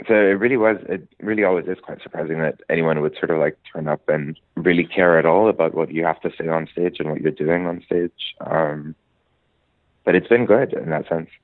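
A man's voice: low-pitched, brisk, no room sound. A man answering interview questions thoughtfully, with many hesitations and ums. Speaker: interview guest, musician. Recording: dry, phone-like narrow sound.

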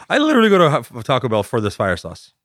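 A man co-hosting a podcast, firing off quick-witted banter in casual chat. He talks fast. The sound is close and dry. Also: mid-range voice, wildly swooping pitch, fairly bright tone, no room sound. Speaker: podcast co-host.

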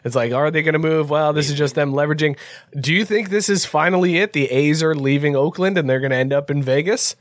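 A man's voice: a little high, fast talker, dry recording, clean studio sound. A man hosting a casual sports chat, chatty and steering the topics with easy laughs. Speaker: host.

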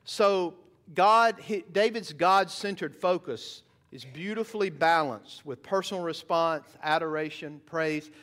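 A man's voice: fairly high pitch, a little slow, a bit bright. A man preaching a sermon in church, emphatic, asking the congregation rhetorical questions. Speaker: pastor. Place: church sanctuary.

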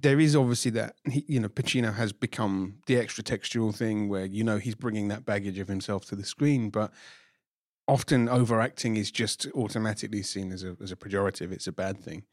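A man's voice: lowish voice, a little fast, no room sound, clean studio sound. A man who programs films, talking casually with witty asides and analytical points, often saying "you know". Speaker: film programmer guest. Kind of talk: casual discussion.

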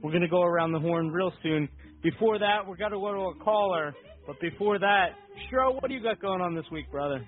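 A man with a high voice hosts a wrestling call-in podcast, talking a little fast as he jokes around with his co-host and callers in upbeat, casual banter. Faint music plays behind him, and the sound is tinny, like a phone line.

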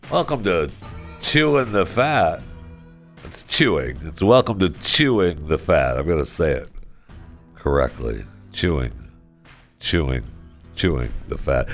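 Casting note: male host, low voice, very animated, jokey rambling ad-read delivery, dry close mic. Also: dry recording. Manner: jokey, rambling, mock-corrects himself. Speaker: podcast host. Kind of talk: casual podcast talk with a host-read ad.

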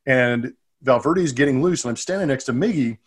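A man's voice: mid-range voice, moderate pace, breathy edge. A middle-aged man co-hosting a podcast, telling rambling, chatty stories from his playing days. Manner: chatty, rambling anecdotes with restarts. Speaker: podcast co-host, former ballplayer. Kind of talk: casual storytelling chat.

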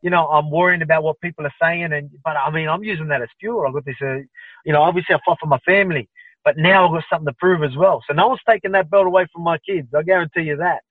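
An Australian man in his thirties talks in a pumped-up, restless rush, circling back with fillers and repeats. His voice sits a touch high. It comes through a thin, phone-like video call line with no room sound. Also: fairly even intonation, fast, dry recording. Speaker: interview guest, fighter. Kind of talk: remote interview answers. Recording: tinny phone-like line, dry.

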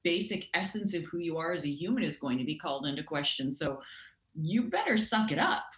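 A Canadian woman, a guest in a casual interview, telling stories in an animated way and acting out quotes. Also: deep voice, a little fast, reverberant. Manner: animated, acts out quotes in lively voices.

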